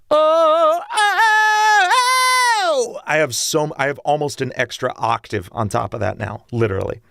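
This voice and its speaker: A streamer and singer with a gravelly, medium-pitched voice chats casually with livestream viewers, eagerly discussing singing and vocal technique. The sound is clean studio audio without echo.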